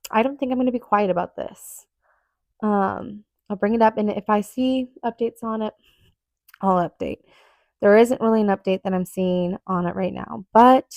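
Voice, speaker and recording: A woman's voice: medium pitch, no echo. A woman hosting her own podcast, talking earnestly and emphatically in a rambling solo monologue with lots of fillers. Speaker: podcast host.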